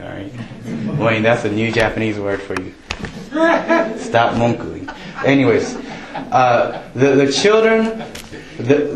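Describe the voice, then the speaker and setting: A man delivering a sermon in a chatty, joking way, his voice sitting in a middle pitch. He acts out people's prayers in a raised voice. The sound carries a roomy echo, as if from a church hall. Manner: conversational, jokey, quotes prayers in raised voice. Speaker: pastor.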